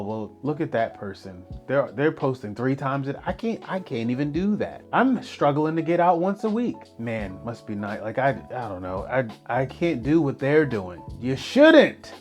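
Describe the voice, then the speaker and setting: A man hosting a motivational podcast, talking earnestly and in an animated way, often asking rhetorical questions. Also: on the high side. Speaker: podcast host.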